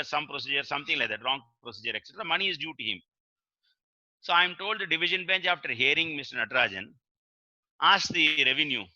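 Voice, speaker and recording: A man's voice: fairly high pitch, sharp tone, dry recording. An older Indian man with an Indian English accent, telling courtroom stories in an earnest lecture, over a webinar mic. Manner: earnest storytelling, quotes courtroom exchanges, many filler uhs. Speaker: senior advocate giving a webinar talk. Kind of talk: reminiscing lecture. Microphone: webinar computer mic. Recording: dry muffled webinar audio.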